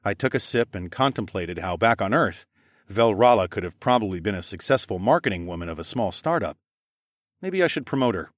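A man narrating a fantasy audiobook in the first person, expressive and wry. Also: lowish voice, a little fast, no room sound, clean studio sound.

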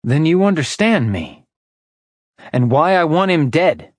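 A man's voice: a little high, very animated, a little slow, no echo, pitched above the performer's own voice. A man voicing a furious, grieving immortal man who snarls his lines. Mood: angry. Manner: snarling, sharp, raised.

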